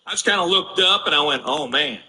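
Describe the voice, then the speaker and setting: Bright-voiced stand-up comic. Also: male voice, sits high, fast, a little hiss or hum. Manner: rambling storytelling with mock-defensive asides to the audience. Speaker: stand-up comedian. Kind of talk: stand-up comedy routine.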